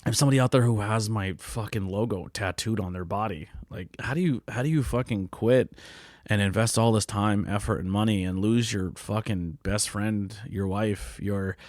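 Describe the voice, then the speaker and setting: Podcast host, late 30s male, low voice, swears a lot, earnest and rambling, dry close mic. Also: normal speed, darkish tone, no room sound. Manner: blunt, profane, heartfelt and rambling. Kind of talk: candid solo podcast monologue.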